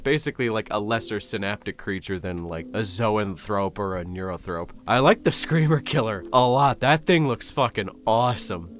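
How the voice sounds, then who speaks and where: A young man in casual commentary mode, sarcastic and easily excited, swearing freely. His pitch leaps and dips animatedly as he talks, and faint music plays underneath. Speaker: YouTube host reacting to announcements.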